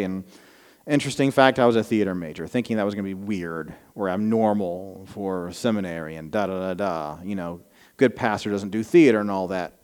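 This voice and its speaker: A man in his thirties with a slight Southern American lilt preaches to a congregation in a casual storytelling way. His voice comes across smooth and resonant. The long reverb of a big church hall trails behind each phrase. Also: medium pitch. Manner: conversational storytelling, self-deprecating asides. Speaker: pastor. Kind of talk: sermon with personal stories. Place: church sanctuary before a congregation.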